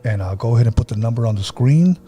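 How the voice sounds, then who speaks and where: A man's voice: mid-range voice, fast, slightly rough. A man hosting a paranormal podcast, telling stories casually and opening the phone lines to listeners. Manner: relaxed storyteller, acts out quoted voices; takes calls from listeners. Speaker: podcast host.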